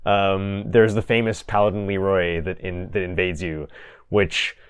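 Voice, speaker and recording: A man's voice: deep voice, flat delivery, a little slow, clear, resonant tone, no echo, clean studio sound. A man co-hosting a casual gaming podcast, rambling with lots of fillers and frequent laughs. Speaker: podcast co-host.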